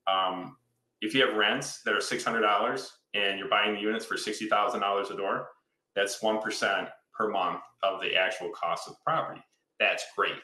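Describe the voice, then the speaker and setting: A man's voice: on the low side, pushed and bright. A man in his fifties from Michigan, an enthusiastic real estate investor who tells stories and checks in with "right?" in a casual conversation. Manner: enthusiastic, storytelling, explains with repeated "right?". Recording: roomy echo.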